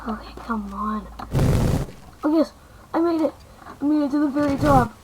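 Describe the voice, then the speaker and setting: A woman's voice: high voice, fairly even intonation, fast, heavy background noise. A woman giving live commentary while playing a game, reacting aloud and talking to herself in alarm and relief. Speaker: gameplay commentator.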